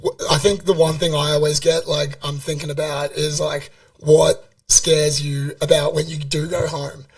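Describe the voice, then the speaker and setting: A young Australian man co-hosting a podcast. He tells animated stories in a loose, swearing style, and his voice sits a little high for a man. He sounds slightly away from the mic. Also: moderate pace, hardly any pauses, distant mic. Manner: swears constantly, animated storytelling. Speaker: podcast co-host. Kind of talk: casual chat.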